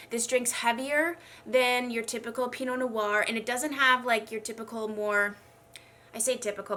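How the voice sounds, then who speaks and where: Pushed, bright and a little high, the voice belongs to a young beauty vlogger chatting as she applies makeup. She sounds congested and strains a bit to speak, and her get-ready-with-me talk is chatty, rambling and full of self-mockery.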